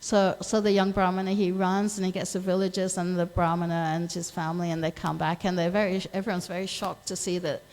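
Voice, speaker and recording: A woman's voice: lowish voice, flat delivery, fairly quick, few pauses, a little mellow, rough recording. A woman giving a scripture class in a temple, retelling a story casually and speaking each character's lines in her own voice. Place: temple hall.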